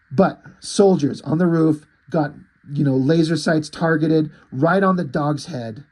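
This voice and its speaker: A man's voice: on the high side, measured pace, darkish tone, husky, low-quality recording. Rambling man recapping a comic. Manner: rambling, loose, swears casually, many "like"s. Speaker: comic book reviewer. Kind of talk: casual recap of a comic issue.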